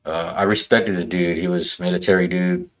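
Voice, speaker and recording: A man in a casual podcast chat, telling a story in rough, profane language. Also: low voice, fairly even intonation, normal speed.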